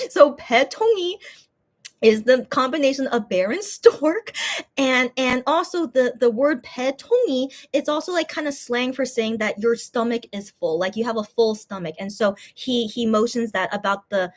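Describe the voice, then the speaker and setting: A woman chatting casually as a fan vlogger, rambling with many restarts and breaking into loud bursts of laughter. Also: on the high side. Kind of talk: casual reaction commentary.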